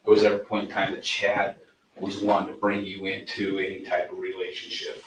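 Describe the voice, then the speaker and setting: A man's voice: low voice, completely flat delivery, fairly quick, a little hiss or hum. Hesitant man, far off in an echoey room. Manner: hesitant, careful phrasing. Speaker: interviewer. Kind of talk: recorded interview.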